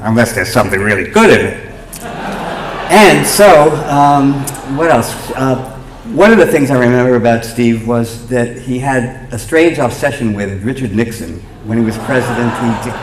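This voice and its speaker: An older man with a New York accent telling a halting anecdote from a theater stage, full of fillers and restarts. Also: medium pitch, a little hiss or hum. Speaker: memorial speaker. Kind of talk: storytelling anecdote at a memorial. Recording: roomy theater sound with faint ambience.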